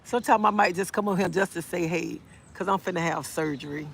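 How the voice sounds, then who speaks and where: A woman, chatting on a phone live stream outdoors in a park. She talks in an outspoken, animated way and answers viewer comments as she goes. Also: lowish voice, a little fast, vocal fry, a little hiss or hum. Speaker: livestreamer. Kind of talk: casual live-stream chat.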